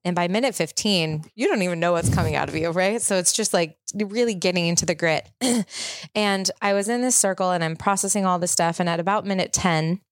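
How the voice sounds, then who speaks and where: A woman's voice: on the low side, brisk, no echo, clean studio sound. A woman in her thirties hosting a podcast, telling a personal story in a chatty, open, reflective way. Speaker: podcast host. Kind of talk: casual chat.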